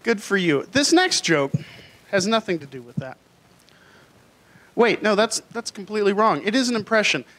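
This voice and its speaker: A man hosting a stand-up comedy show on a club stage, self-deprecating and unhurried as he introduces the next comic. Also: sits high, big pitch swings, fairly bright tone.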